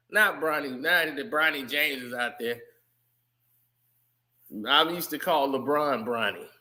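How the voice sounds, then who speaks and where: A man giving casual, animated sports commentary on his channel, laughing often. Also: sits high. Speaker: YouTube commentator.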